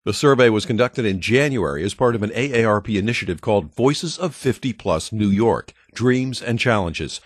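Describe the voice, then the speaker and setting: A man's voice: lowish voice, animated, normal speed, few pauses, no room sound. Man reading radio news, dry sound. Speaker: news anchor.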